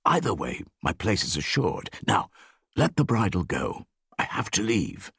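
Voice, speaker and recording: A man's voice: low-pitched, wildly swooping pitch, a little slow, creaky, fairly bright tone, breathy edge, no room sound, full character voice. A man voicing a dashing, merry young duke in an audiobook, speaking boldly and playfully. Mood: earnest. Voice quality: bold and playful.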